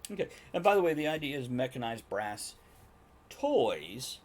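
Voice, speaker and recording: A man's voice: medium pitch, sing-song, normal speed, darkish tone. A man running a tabletop game as game master, rambling and correcting himself as he narrates. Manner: rambling, chuckling, self-correcting.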